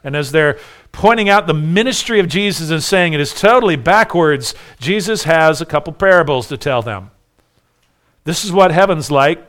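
A man's voice: on the high side, expressive, normal speed, fairly bright tone. A man preaching a sermon, emphatic and full of rhetorical questions, often repeating his phrases. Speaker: pastor.

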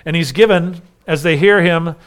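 A man delivers a sermon in a smooth, resonant voice pitched a little above the usual male range. He reads scripture aloud and explains it, building to emphatic declarations. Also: normal speed. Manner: expository preaching, reading scripture aloud, rising to emphatic declarations. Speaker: preacher.

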